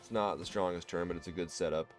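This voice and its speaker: A man with a Midwestern accent, casually commenting on his own card game run and thinking out loud to viewers. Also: low-pitched, fairly even intonation, fast, soft background music. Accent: American Midwest. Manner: thinks aloud, explains card choices to viewers. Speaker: gameplay commentator. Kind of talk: relaxed let's-play commentary.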